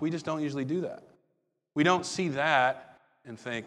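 A male pastor delivers a sermon with a slightly raised pitch, retelling a story with lively, dramatic swings in volume. His voice rings out through a large hall with a long reverb tail. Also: moderate pace. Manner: animated storytelling, swings from loud to hushed.

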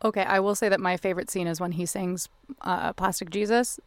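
A woman's voice: on the low side, steady tone, a little fast, dry recording. A woman co-hosting a podcast, talking casually about a film in an effusive, emotional way. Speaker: podcast co-host.

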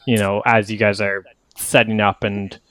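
A man's voice: fairly low pitch, level tone, normal speed, fairly bright tone. Rambling man running a tabletop game. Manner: rambling, self-correcting. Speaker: game master.

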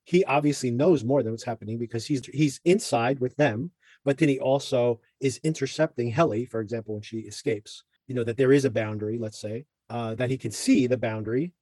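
An adult parent hosting a podcast recaps a TV show in a chatty, rambling way full of asides. His medium-pitched voice is brisk, mellow, and slightly rough, captured in a dry recording.

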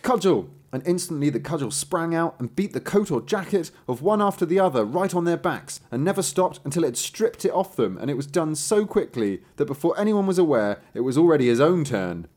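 A man reading a fairy tale aloud on a podcast, with chatty asides. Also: fairly high pitch. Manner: animated, laughing, chatty asides. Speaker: podcast host and reader.

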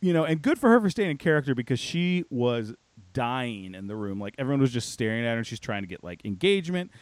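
A man co-hosting a casual chat, telling a story in an animated, filler-heavy way and quoting himself and others. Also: medium pitch, quick pace, dry recording.

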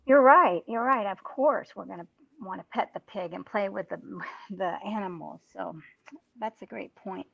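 A woman's voice: medium pitch, moderate pace, vocal fry. A woman hosting a live show, affirming her guest and reading viewer comments aloud, on a dull, dry recording. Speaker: host.

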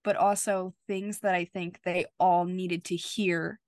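A woman with a slightly low voice gushes over a TV scene with her co-host, leaning on "like" and "you know". The sound is dry and close, with no room echo. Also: flat delivery, unhurried, darkish tone. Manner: heartfelt and gushing, many "like" and "you know" fillers. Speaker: podcast co-host. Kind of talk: casual TV episode recap chat.

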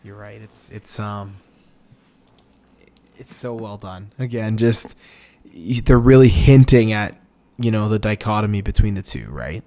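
A man chatting casually on a podcast, speaking softly with trailing phrases and agreeing murmurs. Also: lowish voice, expressive, measured pace. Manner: soft-spoken, trails off, many fillers and agreeing murmurs. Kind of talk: casual chat recapping a TV show.

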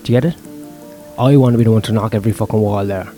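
A man's voice: lowish voice, fairly even intonation, rapid-fire, dark tone, faint music behind. Profane, rambling comedian man. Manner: profane, self-deprecating, rambling. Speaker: stand-up comedian. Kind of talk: casual vlog monologue.

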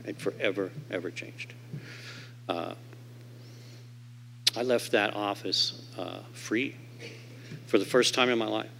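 Speaking slowly with long pauses, a man with a gravelly voice tells his recovery story into a convention stage mic, with a slight hiss or hum present. He animatedly acts out the voices of people in the story, shifting between loud, emphatic moments and low, quiet ones.

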